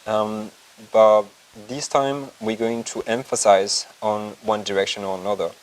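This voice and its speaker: Calm man teaching acupuncture. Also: lowish voice, unhurried, low-quality recording. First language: French. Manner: calm, methodical, explaining step by step with hesitations. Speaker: acupuncture lecturer. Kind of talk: clinical demonstration tutorial.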